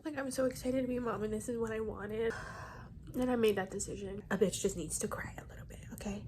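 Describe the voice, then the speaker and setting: A woman's voice: on the high side, fairly even intonation, fast talker, warm tone, slight background noise. A heavily pregnant young woman talking bluntly to her phone camera, swearing and speaking through tears and labor pain. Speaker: vlogger. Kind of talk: casual video diary. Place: at home, then a hospital.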